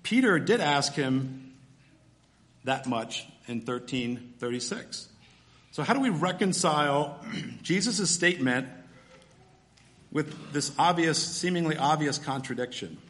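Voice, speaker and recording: A man preaching a sermon, teaching through a scripture passage step by step in a relaxed, conversational way. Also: on the high side, measured pace. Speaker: pastor.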